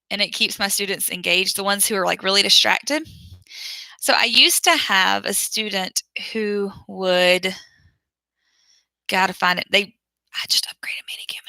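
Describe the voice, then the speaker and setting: A woman's voice: medium pitch, vocal fry, bright, forceful tone, dry recording, low-quality recording. A woman who teaches online, chatting casually with viewers and often laughing or trailing off as she hunts around her screen. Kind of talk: casual livestream chat with viewers.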